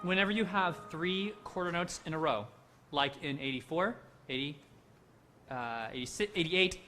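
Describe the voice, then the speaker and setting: A man's voice: a little high, bright, forceful tone, a little hiss or hum. A man leading a handbell rehearsal over a video call, encouraging the ringers while singing rhythms and counting beats aloud. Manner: upbeat, encouraging. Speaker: handbell choir conductor. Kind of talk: rehearsal instruction.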